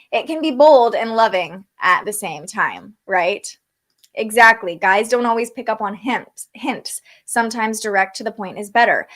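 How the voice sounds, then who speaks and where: A woman's voice: mid-range voice, a bit bright. A young woman giving a casual astrology forecast, chatty, with frequent fillers and restarts. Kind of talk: casual livestream talk.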